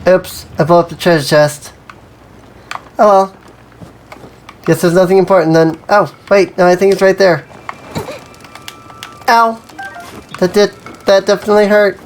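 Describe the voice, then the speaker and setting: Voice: medium pitch, fairly even intonation, moderate pace, long pauses, a little mellow, a little hiss or hum. Chatty gamer with sudden yelps. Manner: chatty and self-amused, with sudden yelps at mishaps. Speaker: let's play host. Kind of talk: casual gameplay commentary.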